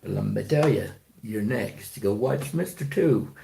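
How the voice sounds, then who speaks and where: A man's voice: on the low side, expressive, unhurried, creaky, background noise. A man who drives trucks, talking in a rambling, profane monologue full of fillers and restarts. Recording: echoey room.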